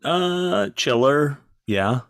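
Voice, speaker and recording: A man's voice: fairly high pitch, lively intonation, very slow, vocal fry, fairly bright tone, no echo, clean studio sound. A middle-aged man, a podcast guest, telling stories in a blunt, exasperated manner. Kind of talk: casual anecdote telling.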